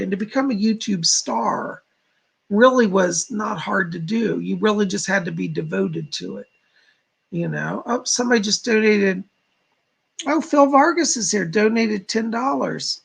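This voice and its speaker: A man's voice: sits high, creaky, a bit bright, husky. A man hosting a casual livestream as a psychic, chatting loosely and reading out viewers' messages. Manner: chatty, rambling, reads chat aloud. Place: home studio.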